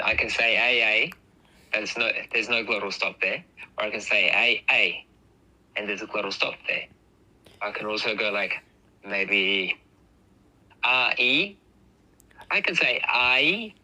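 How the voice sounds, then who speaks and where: A man's voice: on the low side, sharp tone, rough recording. A man casually explaining speech sounds, patiently demonstrating them aloud. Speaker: host.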